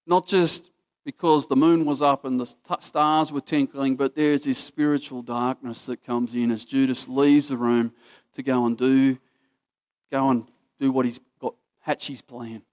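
A man's voice: medium pitch, fairly even intonation, unhurried, a little mellow. A man with an Australian accent preaching a casual, story-driven sermon that acts out what people in the story say.

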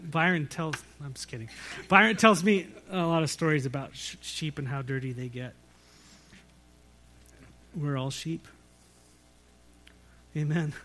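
A man's voice: a little high, measured pace, long pauses, bright, forceful tone, soft background music. A man preaching a sermon as pastor, in a conversational way with rhetorical questions and light jokes. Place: church sanctuary.

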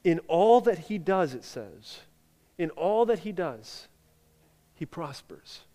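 High-voiced man preaching in a hall. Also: sing-song, takes it slowly, mellow. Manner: conversational preaching, peppered with "like", rising to emphatic peaks. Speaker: pastor. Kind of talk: sermon. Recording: long hall reverb.

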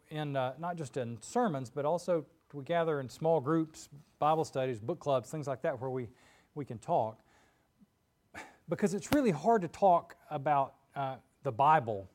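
A man preaching a sermon in a relaxed, conversational way, full of fillers and asides, in a church. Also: a little high, moderate pace. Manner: informal and chatty, with frequent fillers and asides.

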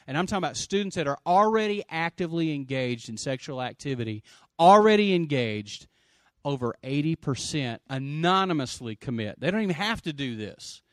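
A pastor with a drawl preaches with big swings, bursting out loud and then dropping to a hush. His voice sits a bit high for a man. The sound is dry and close, with almost no room echo. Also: fairly quick. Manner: animated preaching, swinging from loud exclamations to quiet asides; calls for audience response. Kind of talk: sermon.

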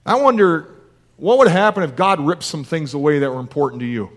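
Earnest male preacher, slightly high voice. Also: brisk. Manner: earnest preaching with rhetorical questions. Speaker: pastor. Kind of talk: sermon.

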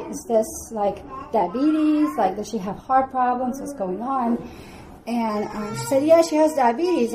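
Chatty woman, noisy room. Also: on the high side. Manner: chatty, uses many fillers, acts out quoted dialogue. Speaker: family devotional speaker. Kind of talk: casual storytelling. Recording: noticeable background noise.

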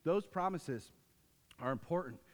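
A man preaches a sermon in a fairly high voice, telling stories with animated emphasis. His voice rings out with the long reverb of a large hall. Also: measured pace. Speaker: pastor.

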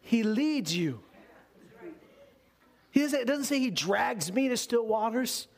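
High-voiced Canadian pastor preaching. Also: male voice, lively intonation, slow pace. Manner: earnest preaching, drops to hushed tones for scripture. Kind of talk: sermon.

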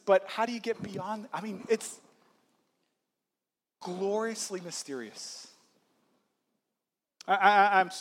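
A male pastor with a high, light voice delivers a sermon in a loose, conversational way. He acts out quotes as he goes and laughs lightly now and then.

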